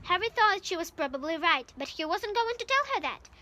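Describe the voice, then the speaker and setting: A woman's voice: extremely high pitch, big pitch swings, a little fast, sharp tone. A woman from Ukraine reads a novel aloud in English, reading carefully and sometimes stumbling and restarting. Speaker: reader.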